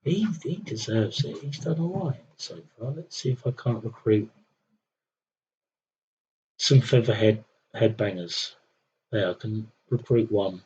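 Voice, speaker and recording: A man's voice: on the low side, a little slow, long pauses, darkish tone, highs cut off, a little hiss or hum. A young man streaming a strategy game, thinking aloud with wry, muttered commentary. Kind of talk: casual live gameplay commentary.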